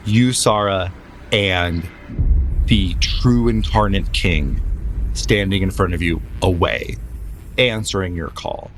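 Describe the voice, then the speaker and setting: A man narrating a tabletop game as game master, describing scenes slowly and dramatically with pauses, then explaining rules. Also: low-pitched, a bit bright, a little hiss or hum.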